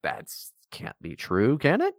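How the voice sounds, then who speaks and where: Brief: male podcast co-host, mocking and profane, animated pitch, dry close sound. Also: slow, no echo. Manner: profane, teasing, rambling. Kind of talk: casual podcast banter.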